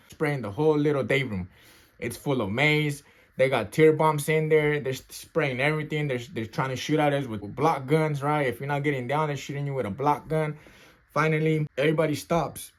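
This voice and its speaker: A man telling a story casually in street slang, often tagging "right?" and "bro", and acting out sounds and gasps as he goes. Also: mid-range voice. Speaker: storyteller recounting his youth custody experience.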